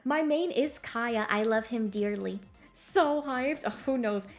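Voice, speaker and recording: A woman's voice: fairly high pitch, a little slow, faint music behind. A woman streamer chatting casually with her viewers while gaming, bubbly and giggly, full of slang.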